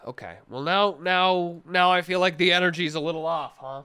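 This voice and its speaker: A man's voice: high-pitched, normal speed, few pauses, bright, forceful tone, clear, resonant tone. A young man streaming, chatting casually with his live chat in a rambling, jokey way, full of restarts and mock-serious asides.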